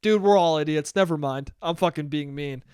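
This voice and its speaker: A man from New York talks through a solo podcast, rambling, cursing freely and poking fun at himself. His voice sits a bit high for a man and sounds smooth and clear. The recording is close and dry. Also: a little fast, darkish tone, no room sound. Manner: rambling, profane, self-mocking. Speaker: podcast host. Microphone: podcast mic.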